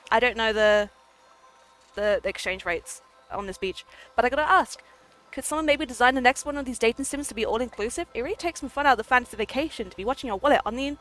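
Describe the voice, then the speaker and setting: A woman's voice: high-pitched, fairly bright tone. A woman streaming a game live, chatting playfully with viewers, giggling often, and reading the game's text aloud. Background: faint game music.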